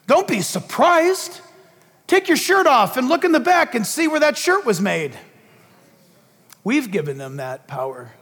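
A fervent male preacher with a very high voice delivers an emphatic political sermon. He presses on with rhetorical questions and repeated phrases, and his words ring out with a long reverb in a large hall. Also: fairly bright tone.

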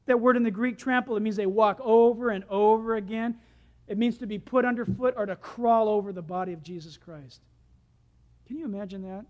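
A preacher giving a sermon, telling stories with animation and swinging from loud to hushed. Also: mid-range voice, fairly even intonation, fairly quick, highs cut off.

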